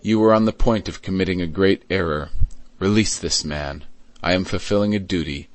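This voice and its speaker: A man voicing a calm, solemn aging mayor. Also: sits low, moderate pace, no room sound, lightly acted. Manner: gentle, solemn and firm. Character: calm white-haired male mayor confessing his past.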